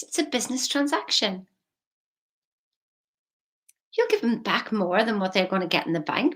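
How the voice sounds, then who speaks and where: A woman, a money mindset coach talking casually, emphatic and chatty with soft intimate asides. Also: mid-range voice, very animated, fairly quick, long pauses. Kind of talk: casual motivational vlog.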